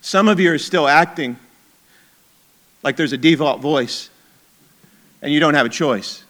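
A man preaching a sermon in a conversational way, with asides and a move into a quiet, intense tone. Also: fairly high pitch, unhurried. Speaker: pastor.

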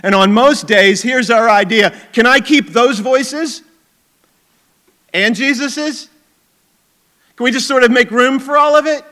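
A man's voice: very high-pitched, unhurried, pauses often, sharp tone. A middle-aged man preaching a sermon as a pastor, conversational and emphatic, with chuckling asides.

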